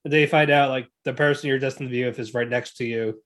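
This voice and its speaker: A man co-hosting a podcast, casually recapping anime episodes in a rambling way and acting out characters' lines in quick voices. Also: mid-range voice, steady tone, fairly bright tone. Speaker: podcast co-host.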